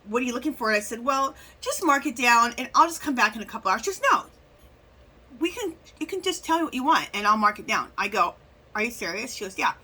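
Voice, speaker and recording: A woman's voice: on the high side, sharp tone, low-quality recording. A woman chatting casually in a craft haul vlog, telling a rambling story with plenty of restarts and asides. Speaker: craft vlogger.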